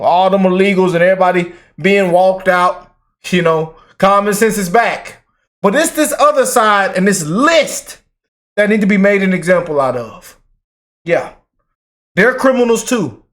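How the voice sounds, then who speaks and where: A man's voice: sits high, a bit bright. A man giving fired-up casual commentary to his viewers, emphatic and slangy, calling them family. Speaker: political commentary YouTuber.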